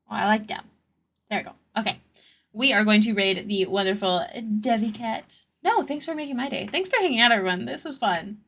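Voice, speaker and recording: A woman streamer chats casually with her viewers, her fairly high voice bright and sharp. Her pitch swings lively up and down, and she stutters now and then. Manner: chatty, thanks viewers and answers chat; stutters at times. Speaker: art streamer. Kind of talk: casual live-stream chat.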